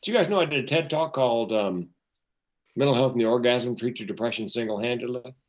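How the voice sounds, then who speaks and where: A man's voice: mid-range voice, fast. Joke-telling comedian man, muffled. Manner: storytelling with punchlines, self-deprecating. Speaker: comedian and keynote speaker. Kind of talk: casual podcast chat, joke telling. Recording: dull lo-fi audio.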